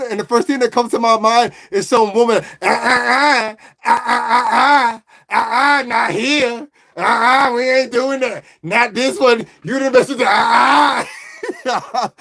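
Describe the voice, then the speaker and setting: A man with a notably high speaking voice hosts a loose, joking live stream. He greets viewers one by one, laughs often and clowns around between shout-outs. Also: dry recording, studio quality. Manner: playful, animated, laughing, greeting chat. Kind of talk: casual live-stream chat.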